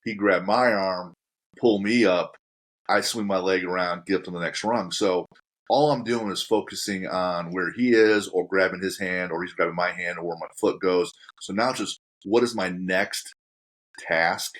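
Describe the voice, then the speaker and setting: A man with a low, deep voice hosting a podcast, recounting an experience step by step in relaxed conversation. He acts out his own reactions as he goes. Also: moderate pace. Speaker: podcast host. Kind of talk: casual storytelling chat.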